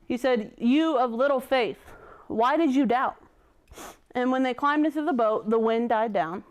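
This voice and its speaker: A young woman giving a casual youth sermon, reading scripture and chatting it over in a relaxed, conversational way. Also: a little high, clear, resonant tone. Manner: chatty, conversational, many "like" fillers. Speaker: youth leader.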